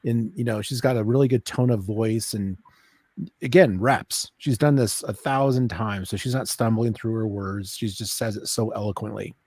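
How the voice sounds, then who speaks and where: Relaxed man, dry close sound. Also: on the low side, normal speed, no room sound. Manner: admiring, relaxed, explanatory. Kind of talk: conversational commentary.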